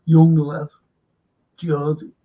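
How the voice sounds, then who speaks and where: A man's voice: on the high side, completely flat delivery, very slow, narrow, tinny audio. A man hosting a live fan stream, chatting casually in a rambling way and reading viewer comments aloud. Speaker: fan channel host.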